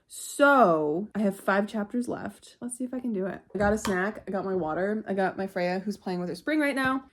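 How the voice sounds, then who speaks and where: Woman, casual home vlog, chatty, swears a lot, giggly, mid-pitched voice. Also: normal speed, a little hiss or hum. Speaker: author vlogger. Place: at home, late at night.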